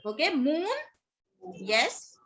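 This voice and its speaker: A woman teaching a pronunciation class, her voice high and clear. She drills words for the students to repeat and swings her pitch up and down as she coaxes and checks in. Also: very animated, very slow, fairly bright tone. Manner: coaxing, drills repetition, frequent "okay?" checks.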